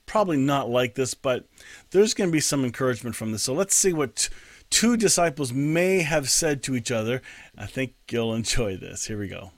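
A man's voice: mid-range voice, expressive, moderate pace, dry recording. Earnest male pastor preaching. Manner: earnest, builds to rhetorical questions. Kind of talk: sermon.

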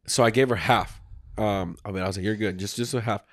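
A man's voice: lowish voice, steady tone, fairly quick, dry recording, studio quality. Rambling man telling a story. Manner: rambling, acts out quotes, swears freely. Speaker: podcast host. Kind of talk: casual storytelling chat.

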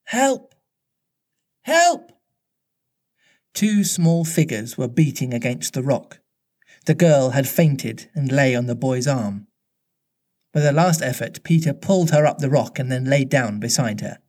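Man calmly reading a storybook aloud. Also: medium pitch, normal speed.

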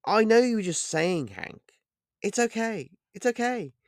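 A man's voice: sits high, animated, measured pace, dry recording, studio quality, pitched above the performer's own voice. A man voicing a teasing young barmaid. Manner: gently teasing, bright raised voice. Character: cheerful young woman bartender, teasing.

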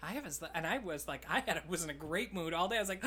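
A woman's voice: lowish voice, animated, fast, fairly bright tone, slight background noise. A young woman co-hosting a podcast, chatting and telling stories in a chipper way. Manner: giggly, storytelling, chipper. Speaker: podcast co-host. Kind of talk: casual chat.

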